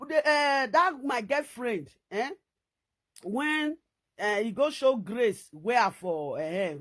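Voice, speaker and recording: Scolding Nigerian Pidgin woman vlogger. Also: sits high. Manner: scolding, repetitive, animated. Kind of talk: ranting commentary to camera.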